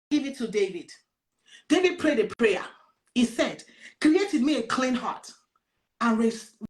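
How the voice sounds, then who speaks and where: A woman's voice: high voice, fairly bright tone. A woman preaching an informal sermon, reading scripture, repeating phrases for emphasis and laughing often.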